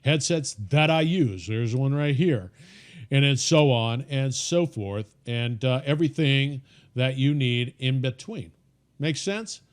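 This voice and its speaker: A man leads an informal course lesson in a relaxed, folksy manner. He drives his points home by repeating them. He often stops and restarts his sentences. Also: mid-range voice, a little slow. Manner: folksy, repetitive, emphatic coaching; frequent fillers and restarts. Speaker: podcast course instructor.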